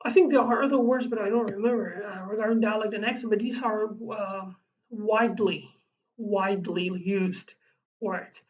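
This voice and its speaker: Woman teaching words, lots of restarts, kinda far from the mic, dull lo-fi sound. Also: medium pitch. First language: Kurdish. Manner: halting, searching for words, frequent restarts. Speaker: language teacher. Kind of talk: explaining vocabulary in a lesson.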